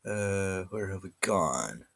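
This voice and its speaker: A man's voice: low voice, lively intonation, slow, creaky, fairly bright tone. A man with an Irish accent hosting a casual live-stream chat, rambling and easygoing with plenty of fillers and restarts. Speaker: livestream host.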